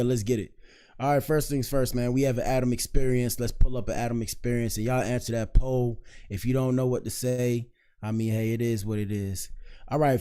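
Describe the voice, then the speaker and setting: A man hosts a casual commentary show at a mid-range pitch, talking loosely and joking as he goes. He rambles, circles back to the viewers and keeps the mood light. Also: dark tone. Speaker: host.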